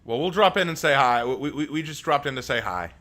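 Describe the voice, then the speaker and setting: A man's voice: medium pitch, expressive, brisk, music in the background. A man chatting casually on a live stream, joking with his chat, laughing often and restarting his words.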